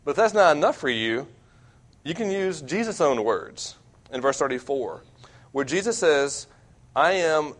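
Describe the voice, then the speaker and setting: A young man preaching as a campus minister, earnest and self-deprecating, with wide swings between loud and quiet. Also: fairly high pitch, sing-song, measured pace. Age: young adult. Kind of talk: sermon.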